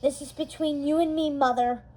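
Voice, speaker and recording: A woman's voice: high voice, fairly even intonation, moderate pace, a little mellow, natural voice. A woman reading a storybook aloud, voicing a defiant, tearful teenage girl who speaks earnestly and rises to cries. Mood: urgent. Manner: earnest, pleading, rising to cries.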